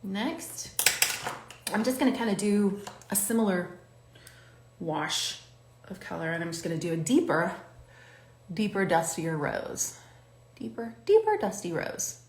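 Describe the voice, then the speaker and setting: A woman hosting a makeup tutorial chats and coaches the viewer as she does her own makeup on camera. Her voice is lowish and measured, with long pauses and a roomy sound.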